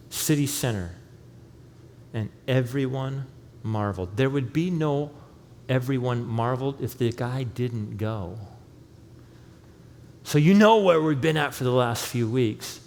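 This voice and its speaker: Pastor preaching with animated storytelling. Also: male voice, mid-range voice, unhurried, a little hiss or hum. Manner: animated storytelling, voicing quoted figures. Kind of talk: sermon. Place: church sanctuary. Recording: long hall reverb, faint ambience.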